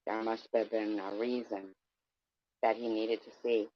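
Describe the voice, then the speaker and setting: A man's voice: fairly low pitch, little pitch movement, a little slow, dry recording. A man ranting in a scornful, profane, rambling way, as a vlogger talking casually to his viewers. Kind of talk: casual rant. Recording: dull, dry lo-fi recording.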